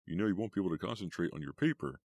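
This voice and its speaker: A man voicing a nervous teenage boyfriend in an audiobook, speaking a bit higher and louder than his own voice. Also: lively intonation, racing, dry recording, studio quality. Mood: teasing.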